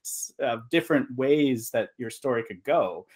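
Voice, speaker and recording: Host guy just chatting, thinking out loud, medium voice. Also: medium pitch, expressive, unhurried, husky. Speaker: podcast host. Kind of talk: casual interview chat.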